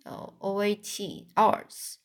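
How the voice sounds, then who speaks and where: A woman's voice: mid-range voice, takes it slowly. A woman voicing a knowing old sheep, persuasively listing treats in a storybook reading.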